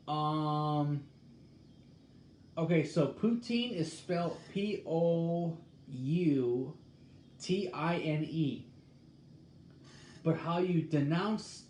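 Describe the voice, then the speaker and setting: Slow, musing man in an echoey room. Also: a little high. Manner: halting, musing, thinks out loud. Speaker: host. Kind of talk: casual talk, reading a recipe aloud. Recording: echoey room with faint background noise.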